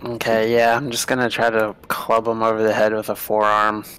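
A man's voice: lowish voice, monotone, moderate pace, a bit bright, smooth, soft background music, rough recording. A man playing a tabletop game, blunt and swearing freely. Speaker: player. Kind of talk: casual tabletop play.

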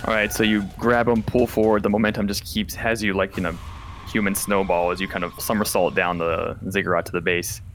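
A man's voice: low-pitched, little pitch movement, fairly quick, fairly bright tone, slight background noise. A man narrating a tabletop game as game master, describing scenes vividly with casual fillers.

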